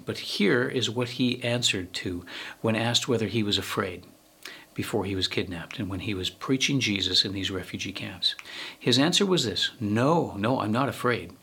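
Gravelly, earnest male preacher. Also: fairly low pitch, a bit bright. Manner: earnest, measured preaching with slow emphatic phrase endings and frequent fillers. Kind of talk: sermon.

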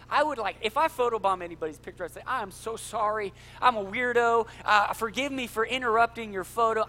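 Animated pastor with a bright high voice. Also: male voice. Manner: animated, joking with the congregation. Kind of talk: sermon. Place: church sanctuary.

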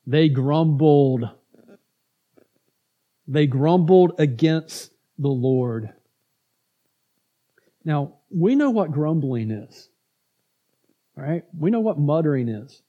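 A man's voice: a little high, dark tone, highs cut off. A man preaching a conversational sermon, asking his congregation questions and acting out grumbling crowds. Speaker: pastor.

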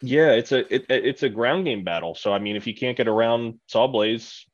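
A man co-hosting a podcast in casual chat, rambling with halting restarts over a remote call mic. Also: mid-range voice. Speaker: podcast co-host. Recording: muffled lo-fi audio.

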